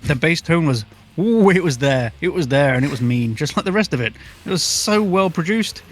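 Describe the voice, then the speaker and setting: A man's voice: a little high, lively intonation, normal speed. A man co-hosting a casual album review podcast, joking crudely and laughing often.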